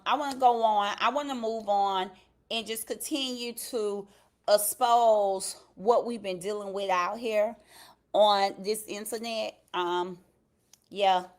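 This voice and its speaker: A woman hosting a casual livestream from her home, talking straight to her chat viewers, laughing and swearing freely into her computer mic. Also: medium pitch. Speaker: livestream commentary host. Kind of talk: casual live commentary to chat. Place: at home, upstairs.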